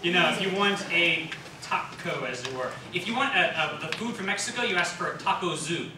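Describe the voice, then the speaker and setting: A man's voice: fairly high pitch, animated, a little fast. A young man on a convention panel, rambling through a funny story, laughing often and acting out quotes. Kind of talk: casual comedic storytelling. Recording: echoey hall, distant mic, noisy.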